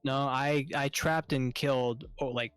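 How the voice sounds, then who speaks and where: A man telling a story on a stream in casual chat, animated and swearing often. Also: medium pitch, measured pace, smooth, no echo.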